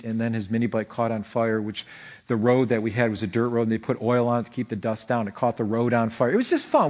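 A man pastor preaching a conversational sermon, telling stories with frequent restarts and an animated delivery. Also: medium pitch.

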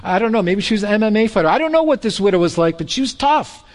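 A man preaching a sermon in a lively way, with joking asides and repeated words. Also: high voice, fast. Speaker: pastor.

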